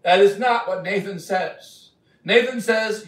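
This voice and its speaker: A man preaching a sermon as a bishop, retelling scripture in a slow, emphatic storytelling way. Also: sits high. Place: church. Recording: echoey church from a distant mic.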